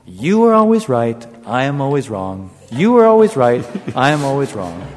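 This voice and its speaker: A man's voice: medium pitch, very animated, moderate pace, long reverb tail, soft background music, pitched above the performer's own voice, close to an everyday voice. A man mimicking an evasive older male leader in a mocking sing-song voice. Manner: sing-song, singsong repetition.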